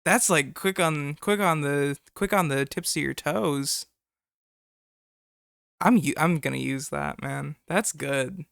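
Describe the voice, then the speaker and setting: A man's voice: a little high, takes it slowly, creaky, a bit bright, clean tone, no room sound. A man streaming, reacting to a clip with crude jokes. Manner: crude, joking, laughs often. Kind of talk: live stream reaction commentary.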